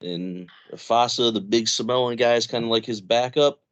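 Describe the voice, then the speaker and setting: Male podcast host, mid-pitched, halting and chatty, stops and restarts sentences. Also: highs cut off. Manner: halting, restarts phrases, laughs often. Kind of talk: casual podcast chat.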